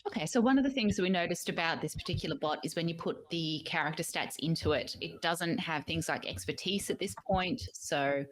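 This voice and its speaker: A woman's voice: low voice, brisk, few pauses. A woman player in casual tabletop game chat, talking playfully with many stammers and asides.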